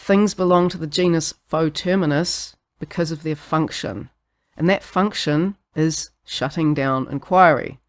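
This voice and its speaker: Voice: medium pitch, unhurried. Sardonic New Zealand podcast host. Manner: sardonic, swearing, laughs at own jokes. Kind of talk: scripted philosophy monologue.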